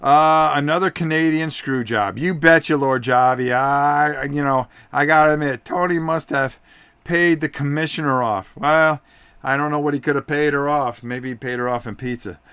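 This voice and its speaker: Guy doing hype wrestling commentary for a tabletop game, bright fairly high voice, lots of uhs. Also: normal speed, clean tone, no echo. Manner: excitable, rambling, filler-heavy.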